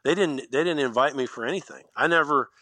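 Middle-aged Indiana man, lively guest storyteller with a bright, dry-miked voice. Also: mid-range voice, fast talker, no echo. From Indiana, USA. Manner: animated storyteller, acts out quoted lines. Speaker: guest, former basketball player. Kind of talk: storytelling in a podcast interview.

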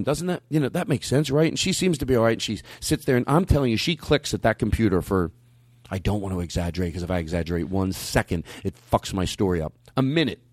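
A stand-up comedian tells a long, rambling anecdote in casual chat, talking fast with a comedian's timing. He restarts often and slips into asides, and his voice leaps way up in pitch whenever he acts out his own outbursts. The recording is close and dry, with no echo or room sound.

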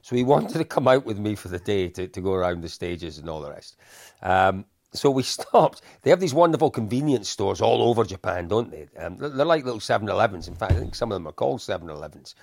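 A middle-aged man, a podcast co-host, telling animated anecdotes in casual chat with frequent laughs. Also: lowish voice, fast, gravelly, dry recording, clean studio sound.

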